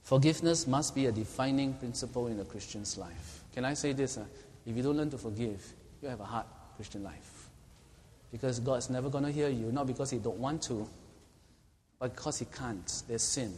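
A man's voice: mid-range voice, fairly quick, darkish tone, a little hiss or hum. A man preaching a sermon as pastor, earnestly repeating key points and asking the congregation questions. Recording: hall reverb, faint ambience.

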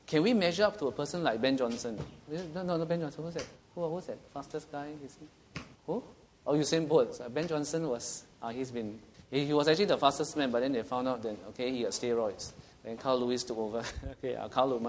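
A man's voice: mid-range voice, fairly quick, darkish tone, slight background noise. A middle-aged man with a Singaporean English accent, preaching a sermon in a conversational way, asking the congregation questions and chuckling at his own jokes.

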